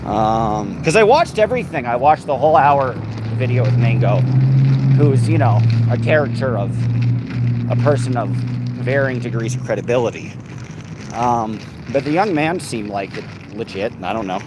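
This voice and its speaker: A man's voice: medium pitch, expressive, moderate pace. A man livestreaming from his phone while walking outdoors on a city street, talking casually to his chat, swearing and getting worked up. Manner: frustrated, swearing, heated then reading chat. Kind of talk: casual live stream chat. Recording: phone mic with loud street traffic. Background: street and traffic noise.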